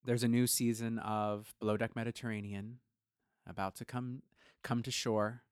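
A man's voice: lowish voice, moderate pace, smooth, dry recording. Playful man, dry close sound. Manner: animated and playful, acts out little quotes. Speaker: podcast co-host. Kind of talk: casual podcast chat about astrology.

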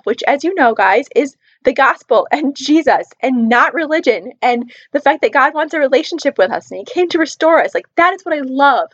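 A woman's voice: high voice, animated, fairly quick, few pauses, muffled recording. A woman talking to her viewers in a casual vlog, earnest and emphatic, repeating her points for stress. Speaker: Christian book reviewer. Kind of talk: casual personal vlog talk.

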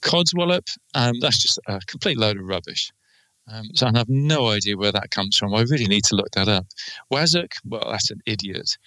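A man's voice: lowish voice, lively intonation, moderate pace, sharp tone, dry recording, rough recording. A man from England chatting casually in a group, explaining slang terms with lots of ums.

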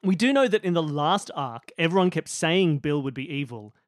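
A man co-hosting a podcast in casual chat, playful and quick to laugh and tease. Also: a little high, lively intonation, dry recording, clean studio sound. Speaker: podcast co-host.

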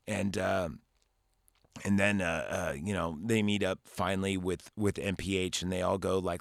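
A male podcast host giving a rambling, profane, animated casual recap of a movie. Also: low-pitched, moderate pace, gravelly, no echo, studio quality.

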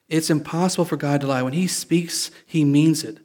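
A man with a slightly high, a little mellow voice gives a sermon at normal speed. The pastor's style is conversational, and he frequently backs up to restart sentences and cracks light jokes along the way.

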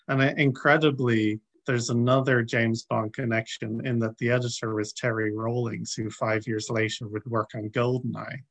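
A man co-hosting a film podcast, talking through a movie in a measured, dry way. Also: mid-range voice, creaky, a bit bright. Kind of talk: casual film review chat.

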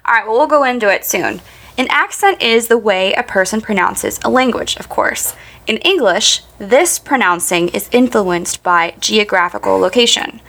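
American woman hosting a podcast, reads her notes then riffs, pretty excited about it. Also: medium pitch, normal speed. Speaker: podcast host. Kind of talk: reading prepared notes mixed with casual chat.

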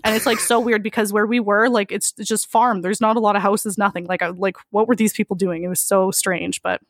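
A woman's voice: mid-range voice, flat delivery, fairly quick, dry recording, studio quality. Candid woman telling a wild story. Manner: candid, laughs often, many likes. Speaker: podcast guest. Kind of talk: casual storytelling interview.

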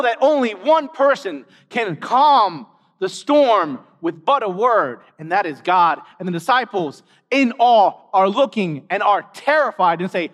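A man preaching a sermon, swinging between loud emphatic lines and hushed, low asides. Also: lively intonation, unhurried, in a large hall.

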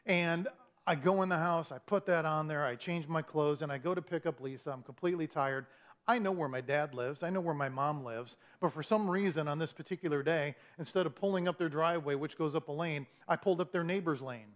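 Man, pastor, storytelling sermon, self-mocking, somewhat high voice. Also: a little fast. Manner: animated, self-mocking storyteller who acts out his own frustration.

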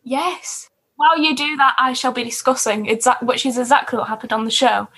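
A young woman co-hosting a podcast, chatty and quick as she recaps an episode with laughs. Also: high-pitched, fairly even intonation, fairly bright tone, husky. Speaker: podcast co-host. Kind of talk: casual chat.

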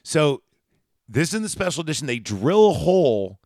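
A man's voice: a little high, very animated, moderate pace, a little mellow, no echo. Podcast guy rambling thru a movie plot, lots of uhs and likes, dry close mic. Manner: rambling, filler-heavy scene-by-scene recap. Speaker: podcast host. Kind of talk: casual chat retelling a movie.

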